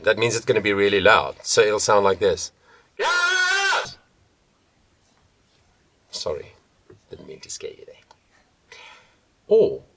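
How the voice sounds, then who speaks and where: Lively low-voiced male vocal coach. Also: no room sound. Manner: demonstrative, swings between soft and loud examples. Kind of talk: teaching vocal technique to camera.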